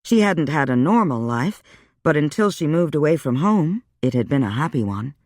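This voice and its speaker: A man's voice: on the high side, no room sound. Man narrating a romance audiobook, dry. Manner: even, measured storytelling. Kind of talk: scripted narration.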